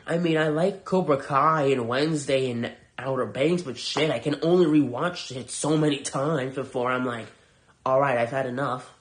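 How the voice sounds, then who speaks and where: A man's voice: mid-range voice, moderate pace, few pauses. A man hosting a podcast, reviewing shows in a heated, profane, sarcastic rant. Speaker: podcast host.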